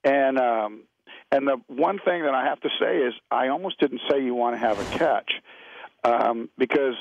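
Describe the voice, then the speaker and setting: A man's voice: medium pitch, normal speed, vocal fry, no room sound. A middle-aged man from California, a guest actor telling rambling, laid-back anecdotes in a radio interview. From California, USA. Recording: dull lo-fi radio audio.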